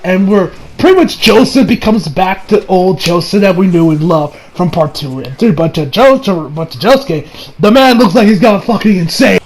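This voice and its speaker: A young man casually recapping and reviewing an anime episode, rambling and excitable, acting out quotes with sudden shouts. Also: high voice, moderate pace, slight background noise.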